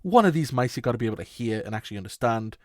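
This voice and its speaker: A man's voice: mid-range voice, racing, no echo, clean studio sound. A man co-hosting a podcast, joking sarcastically and swearing freely. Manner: sarcastic, swears, jokey, lively delivery. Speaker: podcast co-host. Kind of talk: casual chat.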